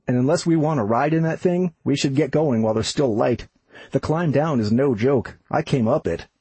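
A man's voice: medium pitch, moderate pace, dark tone, slightly rough, dry recording. A man voicing an easygoing male hiking buddy with a Boston accent, talking bluntly and matter-of-factly.

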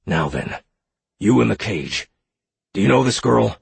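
A man's voice: fairly low pitch, sing-song, unhurried, creaky, husky, long reverb tail, voice pushed up, heavily acted. A man voicing a cold, menacing old male spymaster who interrogates in curt commands.

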